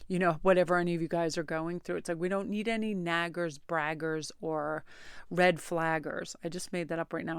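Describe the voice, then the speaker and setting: A woman tarot reader talking casually to her camera, rambling and animated as she tells everyday stories. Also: lowish voice, smooth, no room sound, clean studio sound. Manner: chatty, rambling, animated storyteller. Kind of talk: casual chatty vlog. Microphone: close camera-mounted mic.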